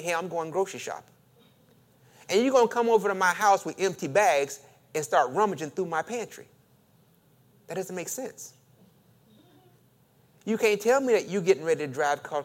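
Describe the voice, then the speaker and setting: A man preaching a sermon, reading scripture aloud and joking as he acts out the voices of the story. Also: sits high. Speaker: pastor.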